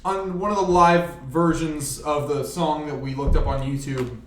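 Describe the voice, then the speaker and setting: A man's voice: fairly high pitch, fairly even intonation, moderate pace, a bit bright, a little hiss or hum. Rambling young man in an echoey room. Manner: rambling storytelling with fillers and restarts. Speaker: podcast co-host. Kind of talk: casual chat. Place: room shared by a group of friends.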